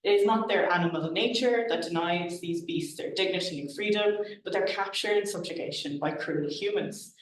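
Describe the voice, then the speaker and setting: Woman academic reading a prepared paper, formal, measured; distant mic, heavy room echo. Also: on the low side. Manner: formal, measured delivery, marks quotations aloud. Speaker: academic conference speaker. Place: lecture hall. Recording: very echoey, distant mic in a lecture hall.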